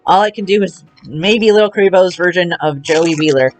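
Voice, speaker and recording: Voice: mid-range voice, moderate pace, soft background music. A streamer on a live game stream, reading dialogue aloud and cracking self-mocking jokes. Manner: joking, self-mocking asides.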